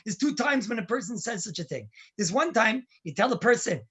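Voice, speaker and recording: Animated husky rabbi man. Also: high-pitched, brisk. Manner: animated storytelling, mixes in Hebrew and Yiddish terms. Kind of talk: weekly Torah talk.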